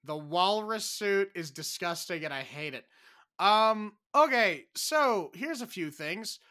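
A man co-hosting a podcast in casual chat, animated and given to exaggerated, dramatic outbursts. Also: high voice, slow pace. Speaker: podcast co-host.

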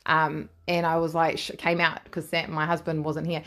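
NZ woman, thirties, interview guest; blunt, giggly, low-pitched. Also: monotone, normal speed, fairly bright tone. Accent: New Zealand. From New Zealand. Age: 30s. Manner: frank and laughing, swears freely. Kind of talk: candid storytelling.

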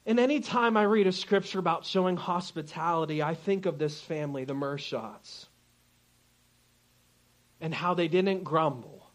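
Speaking at normal speed in a voice on the high side, a man delivers a sermon as pastor. His storytelling is lively as he recounts something from his own life and performs the voices of the people in it.

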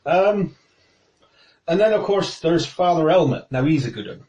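A man's voice: fairly high pitch, animated, normal speed, darkish tone, voice pushed up, natural voice, rough recording. A man as a rambling, friendly camp follower. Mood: informative. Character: middle-aged male camp follower, helpful and talkative.

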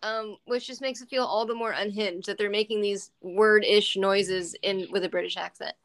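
A woman's voice: medium pitch, steady tone, moderate pace, dry recording. A woman co-hosting a podcast, chatting casually and animatedly with lots of giggles, fillers and swearing. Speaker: podcast co-host. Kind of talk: casual chat.

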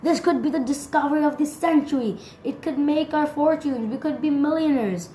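A woman's voice: high voice, moderate pace, warm tone, a little hiss or hum, pitched above the performer's own voice, lightly acted. A woman voicing an impatient, greedy male head of a museum collection who barks and demands, in a storybook reading. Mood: demanding. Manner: barking, demanding. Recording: echoey room.

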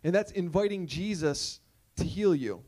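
High-voiced male pastor preaching emphatically. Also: lively intonation, a little slow, warm tone. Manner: emphatic, conversational preaching with repeated questions. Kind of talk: sermon.

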